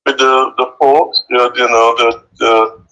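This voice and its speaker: An older man from St. Vincent with a Vincentian accent softened by decades in the US, calling into a live chat and speaking haltingly, often repeating himself. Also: medium pitch, little pitch movement. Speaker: caller. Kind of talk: casual phone-in chat. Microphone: phone. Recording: tinny phone line.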